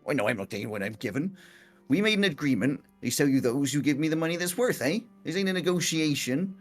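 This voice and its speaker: A pushy, indignant trader who haggles hard, pitched up and pressing louder than the storyteller's normal talk, as a man puts him on. The blustering comes in a raised, insistent voice. Faint music plays under the tabletop session. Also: huge pitch swings, quick pace, husky, heavily acted.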